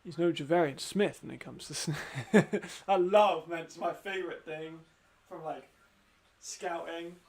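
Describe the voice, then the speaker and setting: A man with a high voice calls an American football game as he watches it. He is excitable, quick to laugh and swears freely, moving between play calls and loose chat. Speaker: football watch-along host. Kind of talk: excited live commentary and chat.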